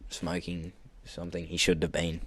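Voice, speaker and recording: A young man telling an animated work story on a podcast, acting out quotes and laughing often. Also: sits low, moderate pace, husky. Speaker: podcast co-host. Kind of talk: casual storytelling.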